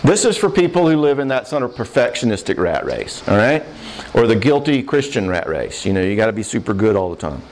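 A man's voice: lowish voice, sing-song, brisk, darkish tone. A man giving an earnest, conversational sermon-style talk on forgiveness, emotional at times, checking in with listeners as he goes. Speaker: Christian speaker on marriage and forgiveness.

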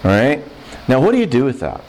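A man's voice: mid-range voice, huge pitch swings, fairly quick, darkish tone, a little hiss or hum. Earnest man giving a heartfelt talk. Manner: earnest, conversational, emotional at times. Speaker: Christian speaker on marriage and forgiveness. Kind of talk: sermon-style talk.

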